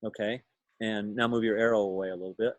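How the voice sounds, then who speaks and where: A man's voice: lowish voice, fairly even intonation, fast talker, no room sound. A man teaching a class over a video call, explaining things patiently and thinking aloud as he goes. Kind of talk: lecture to a class.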